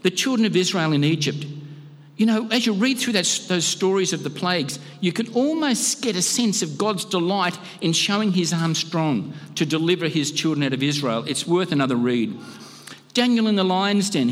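A man's voice: fairly high pitch, long reverb tail. A man preaching a sermon in a conversational, earnest way, often restarting his phrases. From Australia. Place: church hall.

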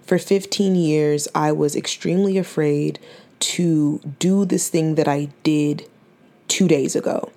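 A woman's voice: low-pitched, fairly even intonation, a little slow, gravelly, warm tone. A 21-year-old woman giving an earnest, faith-filled personal testimony on her podcast, fighting back tears and often restarting her phrases. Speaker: podcast host.

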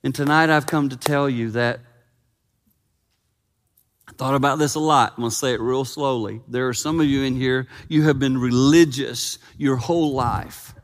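A man preaching a sermon in a church, animated and emphatic, slowing down for his earnest points. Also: medium pitch, a little hiss or hum. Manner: animated, building to loud emphasis, then slow and earnest. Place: church sanctuary. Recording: long reverb in church hall.

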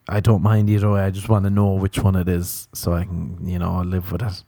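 A man's voice: low-pitched, monotone, fairly quick, hardly any pauses, dark tone, dry recording. Profane rambling male podcast host. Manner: profane, rambling, self-mocking storytelling. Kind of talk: casual comedic podcast monologue.

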